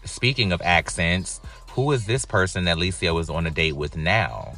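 An American man giving casual, chatty reaction commentary on a reality show, with animated, incredulous asides. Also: sits low, moderate pace, faint music behind. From United States.

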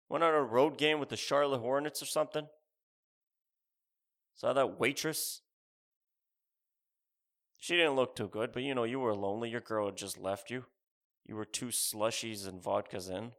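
A man's voice: medium pitch, normal speed, pauses often, fairly bright tone. A man in his thirties delivering a rambling, sarcastic, profane comedic rant as a podcast host.

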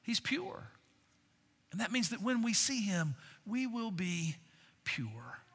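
A man, a pastor, preaching a sermon with a confessional, self-deprecating tone, swinging between loud emphatic bursts and hushed low phrases. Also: very animated, slow pace, slightly rough, big-room sound.

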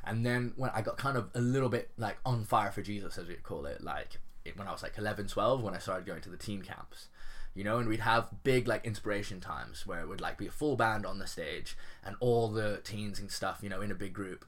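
A man's voice: on the low side, brisk, a bit bright. A young man telling his story as an interview guest, chatting casually, laughing often and saying "like" a lot. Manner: chatty, says "like" a lot, laughs while talking.

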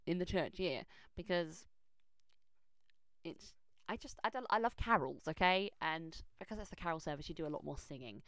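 A young woman telling a personal story in a chatty, animated way, full of fillers and restarts. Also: low-pitched, clean tone, no room sound. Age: young adult. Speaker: vlogger. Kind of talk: casual storytelling. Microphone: close microphone.

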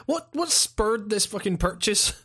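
A man's voice: high voice, animated, unhurried, sharp tone, husky. A man in a laid-back, profane casual chat as podcast co-host. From Scotland. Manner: laid-back, laughs often, swears.

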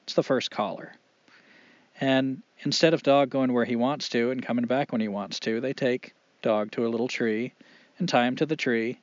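A man telling a fable aloud, animated and expressive with dramatic pauses. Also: mid-range voice, no echo. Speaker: storyteller. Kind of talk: oral storytelling. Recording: dull lo-fi dry recording.

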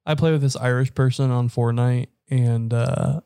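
A man's voice: mid-range voice, steady tone, moderate pace, dark tone, clear, resonant tone, no room sound, studio quality. A young American man in casual chat, rambling and laughing, swearing now and then. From United States.

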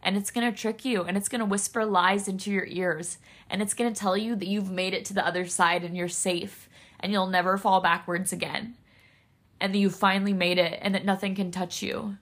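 A woman's voice: medium pitch, steady tone, brisk, fairly bright tone. A woman hosting a solo podcast, speaking in a raw, candid way, emotional and close to tears, swearing freely. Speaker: podcast host.

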